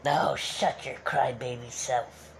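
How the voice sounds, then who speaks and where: A man putting on a bossy, quick-tempered old Italian uncle in a strained, scratchy voice during a live stream. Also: mid-range voice, fairly even intonation, vocal fry. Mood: grumpy scolding. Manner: bossy, scolding, threatens and shoos people off. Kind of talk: live-stream character bit.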